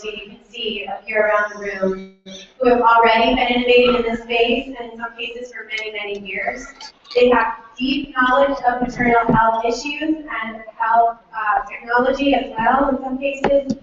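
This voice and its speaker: A woman's voice: fairly high pitch, fairly bright tone, a little hiss or hum. A woman organizer making upbeat announcements at a hackathon, recorded from across a large room. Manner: upbeat, listing sponsors. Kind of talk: event announcements. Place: large echoey room, from far off. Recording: distant roomy lo-fi recording.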